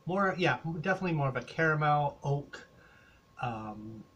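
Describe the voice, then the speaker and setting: A man's voice: a little high, animated, moderate pace, fairly bright tone, highs cut off. An older man with a Canadian accent, talking through a casual rambling beer review, full of hesitations and fillers.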